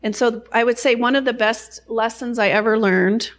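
A woman's voice: fairly high pitch, steady tone, normal speed. Middle-aged lady telling her faith story, chatty, pokes fun at herself, says "you know" a lot. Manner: chatty, self-deprecating, many "you know" asides. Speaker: guest sharing a faith testimony. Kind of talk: personal testimony storytelling.

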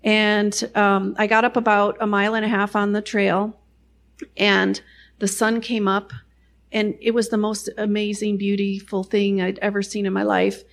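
A woman's voice: medium pitch, little pitch movement, normal speed, vocal fry. A middle-aged woman sharing a personal faith testimony in a chatty, self-deprecating way, full of "you know" asides.

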